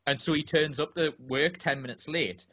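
A man chatting on a podcast, spilling out an anecdote in an animated, rambling way and tripping over his own restarts. His voice is bright and forward, and the recording is dull and lo-fi. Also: a little high, moderate pace. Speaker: podcast co-host or guest. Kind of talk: casual podcast chat, telling a story.

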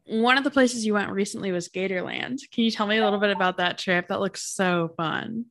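A woman's voice: mid-range voice, brisk, fairly bright tone. Friendly woman asking interview questions. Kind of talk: casual interview.

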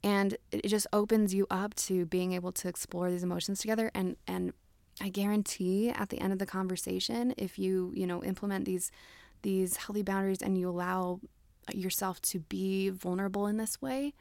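In a medium-pitched, darkish voice with fairly even intonation and moderate pace, a young woman hosts a casual relationship advice talk, with no room sound. She chats with lots of fillers such as "like" and "you know" and acts out example exchanges.

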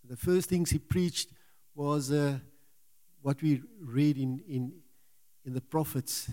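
Halting preacher, man with mellow voice. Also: on the high side. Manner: halting, repeats words, earnest. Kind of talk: sermon.

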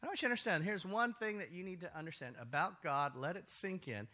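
A man preaching a sermon, telling the story with animated storytelling and acting out voices. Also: high-pitched, fast. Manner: animated storytelling, acts out voices, laughs often. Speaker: pastor.

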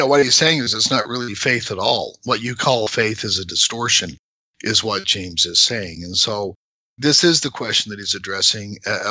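A middle-aged man explaining scripture in a measured, conversational way, sometimes emphatic. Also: lowish voice, sharp tone, no room sound, low-quality recording.

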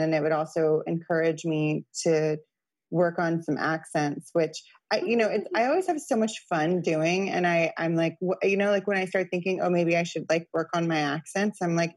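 A woman's voice: fairly low pitch, fairly quick, a little mellow. A woman in her thirties in a casual chat, talking freely and filling her sentences with "like". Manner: chatty, lots of "like" fillers.

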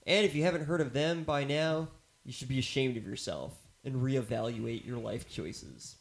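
A man's voice: medium pitch, moderate pace, creaky. A man co-hosting a casual movie review chat, making dry jokes with many ums. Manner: dry, joking asides with many fillers.

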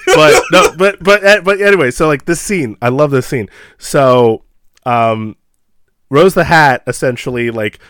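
A man co-hosting a casual film podcast, talking excitedly, with lots of laughs and fillers. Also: medium pitch, measured pace, clean tone, dry recording, studio quality. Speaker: podcast co-host. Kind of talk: casual chat about a film.

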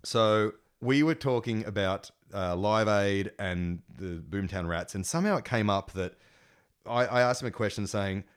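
A man's voice: on the low side, moderate pace, clear, resonant tone. A man telling stories in casual chat, swearing freely and acting out what people said. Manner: animated storyteller, swears freely, acts out quotes. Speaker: musician guest.

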